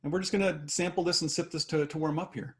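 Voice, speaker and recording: A man's voice: a little high, fairly even intonation, fast. A man hosting a casual chat, easygoing and enthusiastic as he pours and talks about the drinks. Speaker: host.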